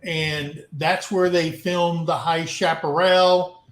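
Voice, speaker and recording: A man co-hosting a casual chat, with quick joking interjections. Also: a little high, level tone. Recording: echoey room.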